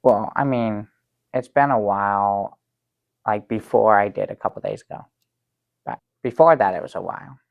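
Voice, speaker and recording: Man doing a clueless sidekick with a gravelly voice, halting and rambling, dry close sound. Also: on the low side, no room sound, phone-quality sound. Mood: sheepish. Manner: rambling, halting with many ums, sincere. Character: naive dim-witted male sidekick Bert. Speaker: show regular. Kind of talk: improv sketch comedy.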